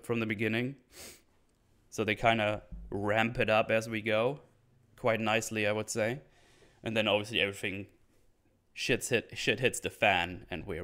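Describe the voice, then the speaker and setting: A man's voice: on the low side, a bit bright. A man hosting a casual episode recap, rambling with lots of restarts and fillers. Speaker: show recap host.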